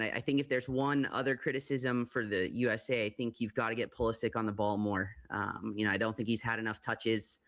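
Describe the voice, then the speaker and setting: A man from the United States with a lowish voice talks through a football match on a live stream. He hesitates, restarts his sentences and leans on fillers. The sound is dry, with no room around it. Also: a bit bright, no echo. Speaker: guest football pundit. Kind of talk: live football commentary chat.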